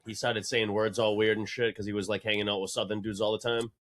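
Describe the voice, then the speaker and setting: Laid-back Boston man, lowish voice. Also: flat delivery, fast talker, fairly bright tone. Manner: laid-back, rambling with fillers. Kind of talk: casual profane chat.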